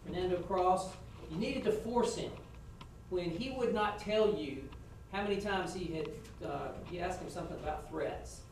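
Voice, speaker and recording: A man's voice: high-pitched, a little hiss or hum. Man giving mock trial critiques, echoey. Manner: frank, folksy, acts out example questions. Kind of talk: spoken feedback to students. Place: classroom. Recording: echoey classroom from far off.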